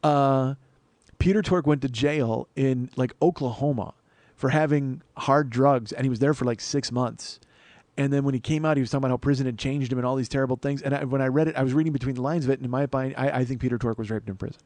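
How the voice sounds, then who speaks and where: A middle-aged man hosting a comedy podcast, rambling through a solo monologue with self-mocking asides and sudden bursts of loud mock-outrage. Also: mid-range voice, fairly even intonation, fast talker, no room sound. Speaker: podcast host.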